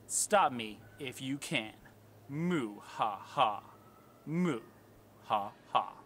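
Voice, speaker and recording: A man voicing a scheming, gleeful glove villain in a homemade puppet skit, drawing out slow, gloating lines. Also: medium pitch, lively intonation, fairly bright tone, slight background noise.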